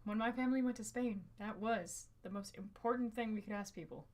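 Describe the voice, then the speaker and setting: A woman co-streamer chatting playfully over a game, quick to giggle. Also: fairly high pitch, a little mellow. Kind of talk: casual gameplay chat.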